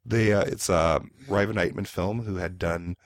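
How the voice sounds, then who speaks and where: Deep-voiced man rambling about movies. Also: steady tone, no echo. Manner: rambling, halting, with many fillers. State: hungover. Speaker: podcast co-host. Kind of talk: casual movie review chat.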